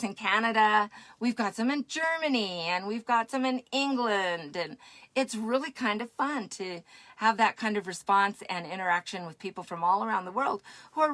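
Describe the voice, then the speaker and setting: A woman's voice: medium pitch, fairly bright tone, no echo. A woman podcast host talking casually and encouragingly to her live-stream audience. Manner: chatty, encouraging.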